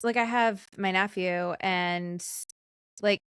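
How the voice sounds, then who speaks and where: Quick, witty woman hosting a podcast. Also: medium pitch, fairly even intonation, a bit bright, clear, resonant tone, no echo, clean studio sound. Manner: quick, witty and sarcastic, laughs often. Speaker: podcast host. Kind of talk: casual podcast chat.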